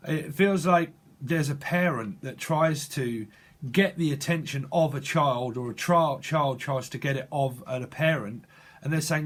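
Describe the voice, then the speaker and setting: A man giving a channeled psychic tarot reading, halting and restarting often as he speaks to the viewer. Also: a little high. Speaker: tarot reader.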